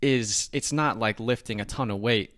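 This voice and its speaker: A man hosting a podcast, telling stories in a relaxed, rambling way during casual chat. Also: mid-range voice, moderate pace, dry recording, studio quality. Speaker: podcast host.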